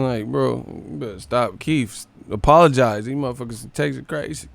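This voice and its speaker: A man's voice: medium pitch, normal speed, vocal fry, hardly any pauses, no room sound. A man hosting a live stream, ranting casually about boxing with a lot of swearing. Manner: profane, ranting, animated.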